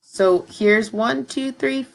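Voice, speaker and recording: A woman's voice: fairly high pitch, takes it slowly, vocal fry. A woman teacher talking students through a lesson in an upbeat, encouraging way. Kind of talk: recorded classroom lesson.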